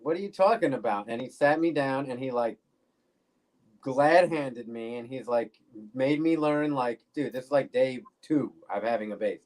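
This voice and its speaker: A man in his forties, a bass player guest on a podcast, telling laid-back stories full of swearing. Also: measured pace. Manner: laid-back, swears freely, animated anecdotes. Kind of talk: casual storytelling interview. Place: podcast studio.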